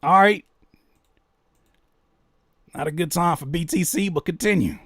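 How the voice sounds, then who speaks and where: A man hosting a reaction video, commenting in a casual, mocking way and getting loud when worked up. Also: a little high, unhurried, husky, no room sound, clean studio sound. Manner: animated, mocking, exclaims loudly when worked up.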